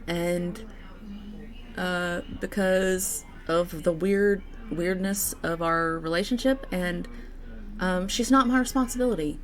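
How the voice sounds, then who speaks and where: A woman's voice: medium pitch, fairly bright tone. A young woman vlogging in a casual, rambling way, with many fillers and restarts. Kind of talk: casual personal chat to camera.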